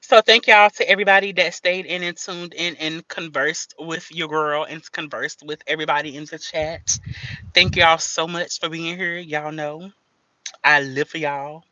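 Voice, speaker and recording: A woman's voice: low-pitched, steady tone, normal speed, pushed and bright, dry recording. A woman hosting a casual livestream, playful and slangy, laughing often as she chats to her viewers. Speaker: livestream host. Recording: dull lo-fi stream audio.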